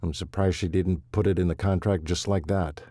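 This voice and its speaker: A torn, impulsive rancher father pours out his regrets in an earnest, anguished way, voiced by a male narrator. The voice is low, husky and warm. It sounds close and dry, in a storybook reading. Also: steady tone, moderate pace, no room sound. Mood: weary.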